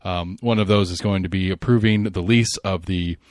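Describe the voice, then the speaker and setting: Low-voiced man rambling about local politics. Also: moderate pace, no room sound, clean studio sound. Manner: rambling, animated, lots of fillers and restarts. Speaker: podcast host. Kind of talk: casual political chat.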